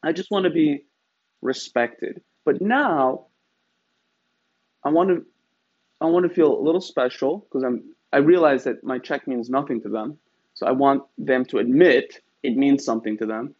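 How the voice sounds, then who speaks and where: A man's voice: mid-range voice, normal speed. A man from Iran telling a story in a wry, emphatic way, often adding rhetorical tags. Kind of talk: casual storytelling. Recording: slightly dull, lo-fi sound.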